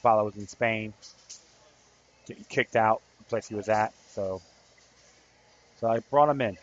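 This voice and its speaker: A man's voice: lowish voice, unhurried. A man hosting a podcast as an activist, telling a story in a rambling, earnest casual monologue. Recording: slightly dull recording with faint background noise.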